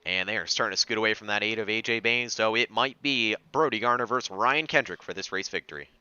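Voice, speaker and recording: Man, race analyst, bright forceful voice, dry slightly dull mic. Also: on the low side, fast talker, clean tone, dry recording. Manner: steady, analytical race calls. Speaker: race commentator. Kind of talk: sim racing commentary.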